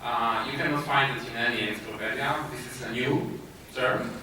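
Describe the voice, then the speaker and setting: A man with a Polish accent giving a conference talk, speaking haltingly with many filler sounds and restarts. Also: medium pitch, steady tone, bright, forceful tone. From Poland. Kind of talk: conference presentation. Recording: echoey hall, distant mic, noisy.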